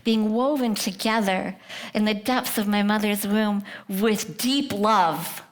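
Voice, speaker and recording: A woman's voice: medium pitch, slow. Earnest woman telling her faith story. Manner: earnest and emotional, often sinking to a hushed whisper; addresses the audience directly with questions. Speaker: guest speaker at a prayer breakfast. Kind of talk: personal faith testimony to a live audience.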